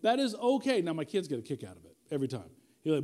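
Man in his forties preaching, high-pitched. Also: big pitch swings, fast talker. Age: 40s. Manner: conversational preaching with repetition and asides; quiet, hushed prayer voice. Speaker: pastor. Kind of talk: sermon.

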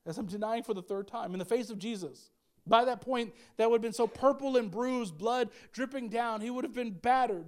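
A young adult man, a pastor, preaching a sermon in a conversational, emphatic way with frequent asides. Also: very high-pitched.

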